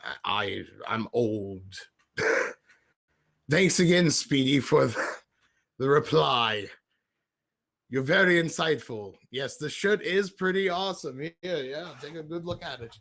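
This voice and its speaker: A man's voice: on the high side, expressive, slow, vocal fry, pauses often, fairly bright tone. A man hosting a casual livestream from home, speaking in an affected British-sounding accent that comes and goes as he rambles and answers viewers' chat messages. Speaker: livestream host.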